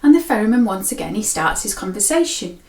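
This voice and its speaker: A woman's voice: medium pitch, big pitch swings, quick pace, darkish tone. A woman, a mind coach telling a story and explaining in a friendly, conversational way. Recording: roomy echo.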